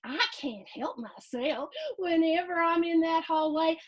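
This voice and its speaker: A woman's voice: very high-pitched, a little slow, muffled recording. A woman hosting a children's storytime, reading a picture book aloud with lots of questions and sound effects. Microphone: video stream.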